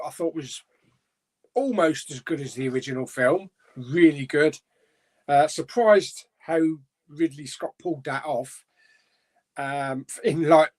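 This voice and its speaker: A man hosting a casual live chat, reading out viewer comments in an easygoing, chatty way with frequent little laughs. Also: on the high side. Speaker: host of a live chat stream.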